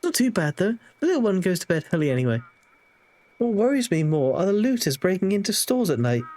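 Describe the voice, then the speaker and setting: A man's voice: high-pitched, very animated, brisk, a little mellow, pitched above the performer's own voice. A man voicing a fretful young mother who chats over the radio in a game, reading her dialogue aloud. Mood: chatty, worried. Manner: chatty, fretful, affectionate.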